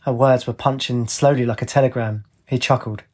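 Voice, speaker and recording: A man narrating a story in a steady, plain reading voice. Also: medium pitch, brisk.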